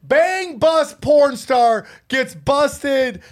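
A man co-hosting a casual comedy podcast, talking in a loud, excitable and crude jokey way. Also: extremely high pitch, drawn-out words. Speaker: podcast co-host.

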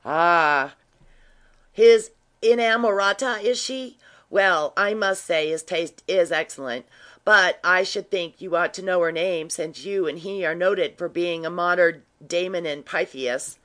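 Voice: mid-range voice, a little slow, bright, forceful tone. A reader voicing a curious, teasing aristocratic earl in an audiobook, talking in a familiar way. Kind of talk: audiobook reading.

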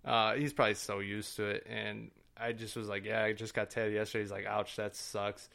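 A man from the Chicago area telling a story in a casual chat, laid-back and self-deprecating, swearing and trailing off quietly. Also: lowish voice, little pitch movement, a little fast, vocal fry.

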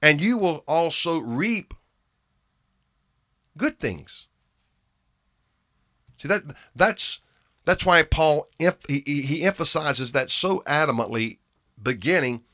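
A man's voice: on the high side, lively intonation, slow pace, pauses often, bright, forceful tone. A man preaching a sermon in an earnest way, often repeating phrases and restarting his words for emphasis.

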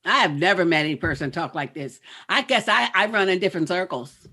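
A woman's voice: on the low side, fairly quick, sharp tone, breathy edge. A woman in a casual chat reviewing a show, blunt and profane, ranting in exasperation.

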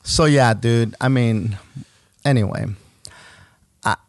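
A man co-hosting a podcast, telling a story loosely and with a lot of swearing, acting out the other people's lines as he goes. His voice sits at an ordinary pitch. The sound is dry and close, with no room echo. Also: slow. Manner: profane, animated storytelling with acted-out dialogue. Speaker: podcast co-host. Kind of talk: casual storytelling chat.

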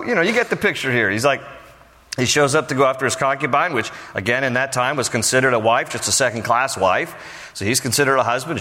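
A man's voice: on the high side, sharp tone. An older man giving a casual, joking verse-by-verse sermon, explaining the text in everyday slang. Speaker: pastor. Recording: long reverb of a hall.

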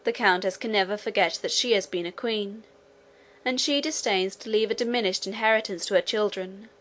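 A woman's voice: mid-range voice, fairly quick, fairly bright tone, natural voice. A woman reading the lines of a proud, ambitious young nobleman in an audiobook, with a haughty, grandiloquent delivery. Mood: scheming.

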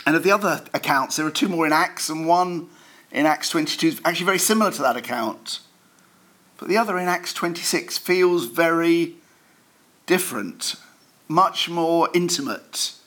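A man's voice: fairly high pitch, fairly bright tone. A man giving a sermon at a church service in a conversational way, with self-deprecating asides and frequent fillers and restarts. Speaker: preacher.

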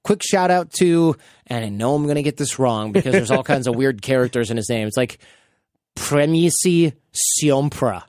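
A podcast host in his thirties talks in a relaxed, chatty way and slips into voices when he quotes people. His voice sits in a middle range and is recorded close and dry, with no room sound. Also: mid-range voice, fairly quick, few pauses, dry recording. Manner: animated storyteller, acts out quotes. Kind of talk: casual podcast chat.

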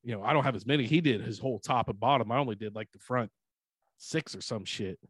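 A man's voice: mid-range voice, fast, breathy edge, dry recording. Laid-back, profane man on a podcast. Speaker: podcast co-host. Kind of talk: casual podcast chat.

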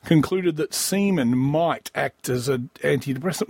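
A wheezy man hosts a comedy podcast, riffing crudely and sardonically on a news item, with coughs breaking in. His husky voice swings up and down in pitch. The recording is dry and close. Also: big pitch swings, moderate pace, hardly any pauses, no echo. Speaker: podcast host. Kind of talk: profane comic riffing on a news story.

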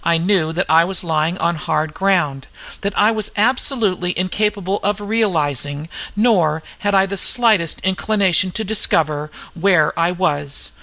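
A reader with a gravelly, bright-edged voice narrates an old-fashioned mystery. The delivery is measured and even, in the manner of a classic audiobook. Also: medium pitch. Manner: measured storytelling with character voices.

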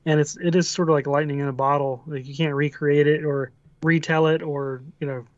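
A man's voice: a little high, steady tone, a little fast, dry recording, highs cut off. Reflective male podcast co-host, dry sound. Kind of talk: casual chat.

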